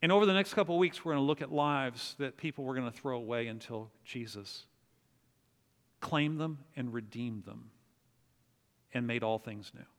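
A man preaching a sermon, telling a story in an animated way and acting out the quotes. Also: medium pitch, moderate pace. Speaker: pastor. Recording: long reverb of a large hall.

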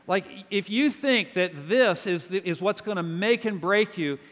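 A man's voice: sits high, a little slow, fairly bright tone. A man preaching a sermon as pastor, earnest and conversational, with asides to his congregation. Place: church sanctuary. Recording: long church reverb.

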